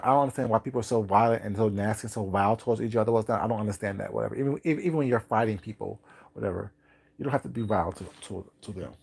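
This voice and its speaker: Guy with a gravelly voice running a live chat while eating, rambly, laughs a lot. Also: mid-range voice, a little mellow, a little hiss or hum. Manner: chatty, repetitive, laughs often. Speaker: livestream host.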